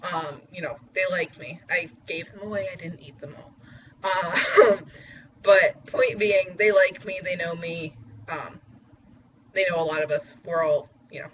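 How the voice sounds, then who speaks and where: A woman's voice: fairly low pitch, a little slow, lo-fi sound, a little hiss or hum. A young woman chatting casually in a vlog update, rambling with lots of fillers. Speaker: vlogger.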